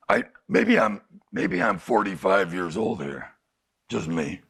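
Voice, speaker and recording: In a recovery house group room, a middle-aged man who works as an addiction counselor addresses his group candidly, often asking rhetorical questions. He speaks slowly in a deep, fairly bright voice with big pitch swings, vocal fry and a breathy edge.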